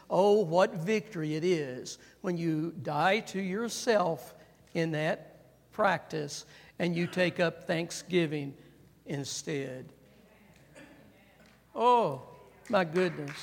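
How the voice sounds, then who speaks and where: A gravelly, high-sitting male voice preaches in a conversational style, checking in with "right?" and animatedly prompting the congregation to reply. The recording carries a long hall reverb.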